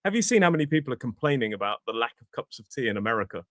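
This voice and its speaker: A man with a British English accent, chatting as a podcast co-host and English teacher in an animated way, exclaiming and laughing. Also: mid-range voice, rapid-fire, no room sound, clean studio sound. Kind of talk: casual chat.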